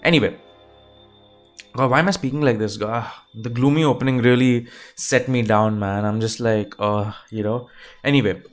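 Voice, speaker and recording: Male podcaster, mid-pitched, loose chatty delivery with many restarts, soft music underneath. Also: normal speed. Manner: rambling, self-correcting, loose and chatty. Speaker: movie review podcaster. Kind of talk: casual solo film discussion. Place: home room with an open window.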